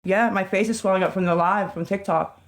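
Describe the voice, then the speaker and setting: A woman's voice: mid-range voice, fairly even intonation, brisk, low-quality recording. A woman livestreaming on her phone, ranting in an agitated, profane way and rambling between topics. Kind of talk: rambling live-stream talk.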